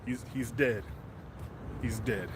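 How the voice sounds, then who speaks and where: Man putting on a frightened dad, dropped deep and grave, heavy repetition, loud street traffic and wind around. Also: fairly even intonation, slow pace, natural voice. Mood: despairing. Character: frightened father, grim and low.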